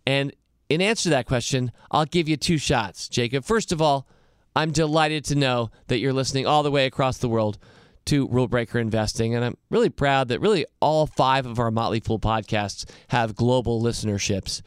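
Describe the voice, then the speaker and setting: A male podcast host reads out listener questions and answers them earnestly. His voice is smooth and resonant, and the recording is dry and close. He speaks at a middle pitch. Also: moderate pace, no room sound.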